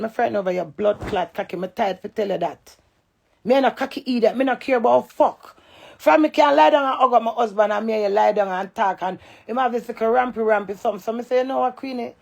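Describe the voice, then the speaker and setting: A middle-aged woman with a Jamaican accent, ranting loud and cantankerous on a live stream and swearing in patois. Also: a little high, creaky. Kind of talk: heated live-stream rant.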